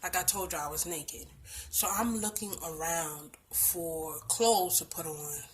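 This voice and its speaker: A woman with a Bronx New York accent telling a personal story in a casual vlog, blunt and emphatic, with lots of swearing, swinging from hushed to loud. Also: lowish voice, measured pace. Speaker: storytime vlogger.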